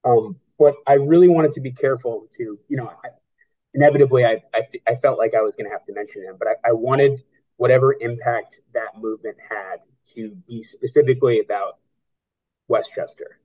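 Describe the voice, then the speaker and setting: A man in his thirties talks about his novel in a halting, searching way, full of restarts and fillers. His pitch sits in the middle range for a man. The recording sounds a little dull and muffled. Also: warm tone. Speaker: novelist being interviewed. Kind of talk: conversational interview.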